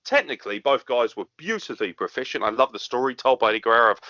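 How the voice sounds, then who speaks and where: A man hosting a casual podcast review, sweary and animated, often laughing. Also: medium pitch, quick pace, dry recording, muffled recording. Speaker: podcast host.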